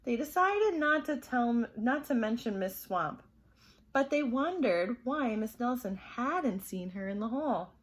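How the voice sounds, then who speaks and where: A teacher reading a picture book aloud to her pupils in a gentle, expressive way. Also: fairly high pitch, unhurried, slight background noise. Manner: expressive, gentle storytelling to children.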